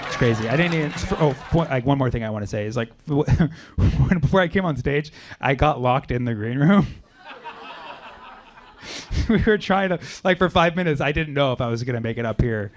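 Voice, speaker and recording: A man doing a brash, animated stand-up set with crowd work on a comedy club stage. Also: medium pitch, moderate pace. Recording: live club recording with loud crowd. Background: audience laughter.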